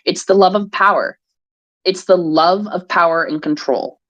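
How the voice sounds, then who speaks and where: Low-voiced woman speaking gravely. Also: a bit bright, no room sound. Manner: earnest, grave, measured. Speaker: podcast co-host. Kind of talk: earnest discussion.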